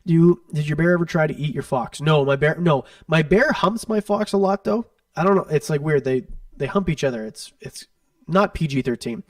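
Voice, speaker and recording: A man's voice: a little high, normal speed, no room sound, clean studio sound, distant mic. Chatty man rambling on a livestream. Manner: rambling, chatty, answers viewer questions off the cuff. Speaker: reptile channel host. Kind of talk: casual livestream chat, reading comments. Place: home room.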